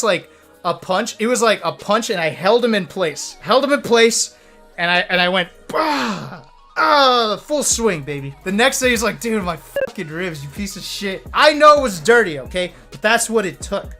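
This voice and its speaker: A man in his thirties, a streamer telling stories to a webcam in an animated, profane way, laughing now and then. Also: high voice. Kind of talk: casual storytelling to camera.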